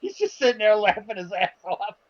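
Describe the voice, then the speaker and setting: A man with a high voice spins a long anecdote in casual podcast chat. He is animated and foul-mouthed, slipping into the voices of the people he quotes. The sound is dull and lo-fi. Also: normal speed. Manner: animated, acts out quotes, swears. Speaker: podcast co-host. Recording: dull lo-fi stream audio.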